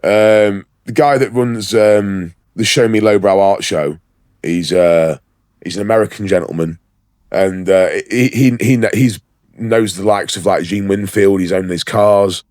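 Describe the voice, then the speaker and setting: A man co-hosting a casual podcast chat, talking chattily with plenty of ums and quick laughs. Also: fairly low pitch, darkish tone, no room sound, clean studio sound. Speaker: podcast co-host, show organiser.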